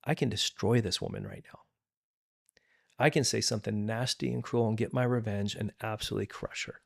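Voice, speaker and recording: A man's voice: lowish voice, sing-song, brisk, vocal fry. A middle-aged man, a pastor, telling a personal story of forgiveness in a candid, earnest way, often restarting and repeating words. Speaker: pastor and podcast guest. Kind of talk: candid testimony in conversation.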